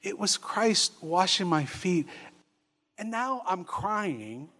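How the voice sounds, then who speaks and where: A man's voice: high-pitched, animated, takes it slowly, pushed and bright. A man preaching as a priest, telling funny stories with exuberance and acting out the voices of the people in them. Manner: exuberant and humorous, laughing as he tells stories; acts out quoted voices. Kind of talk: storytelling sermon.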